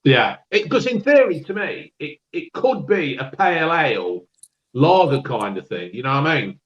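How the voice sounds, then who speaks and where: A man co-hosting a casual beer livestream, his voice sitting a little high. He chats and keeps asking questions. The sound is roomy and dull, lo-fi. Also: very animated, moderate pace. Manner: questioning, chatty. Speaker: co-host.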